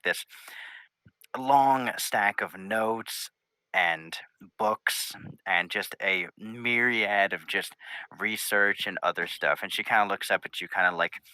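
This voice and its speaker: A man's voice: deep voice, bright, forceful tone, dry recording, low-quality recording. A man narrating a tabletop game as game master, rambling through scene description with many fillers.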